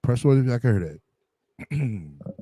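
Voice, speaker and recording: A man's voice: medium pitch, big pitch swings, takes it slowly, warm tone, slightly rough, no echo. A man giving blunt, profane livestream commentary, heavy on slang and fillers. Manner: blunt, combative, heavy on slang and "you know what I'm saying".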